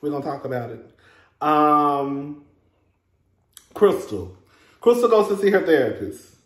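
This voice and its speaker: A man's voice: on the high side, sing-song, a little slow, echoey room. A man, hosting a casual review vlog in a sassy, chatty way, calling listeners "girl" and laughing often. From Texas. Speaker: reality TV reviewer, host.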